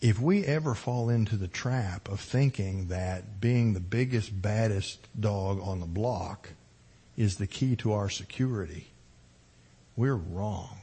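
Husky-voiced man preaching a sermon. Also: lowish voice, slow pace, warm tone. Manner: emphatic preaching, rising and falling in volume and pace. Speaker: pastor.

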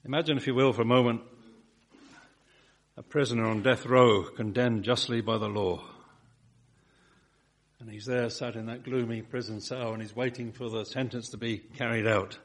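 A man preaching from the pulpit, his voice slightly husky. He swells into emphatic lines and then drops low and soft on single words. The delivery is rhythmic and earnest. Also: fairly even intonation, moderate pace, pauses often. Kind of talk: sermon.

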